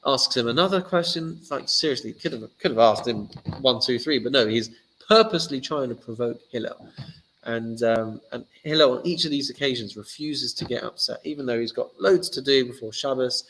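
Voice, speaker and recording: Rabbi chatting thru a lesson, gravelly voice, mid pitch, jokey. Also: male voice, brisk, a bit bright, low-quality recording. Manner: chatty, joking, loose storytelling. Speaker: rabbi teaching a class. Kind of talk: casual Torah lesson.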